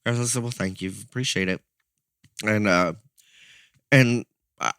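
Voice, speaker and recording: A man co-hosting a podcast, telling a story in a casual, animated way, laughing and acting out the people in it. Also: on the low side, measured pace, clean tone, dry recording, studio quality. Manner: animated, laughing, acts out quoted voices.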